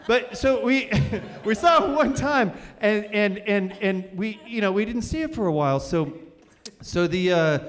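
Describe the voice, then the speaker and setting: A man telling a personal story live on stage, animated and vivid, often restarting phrases. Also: medium pitch. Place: cultural center hall, on stage. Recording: long hall reverb.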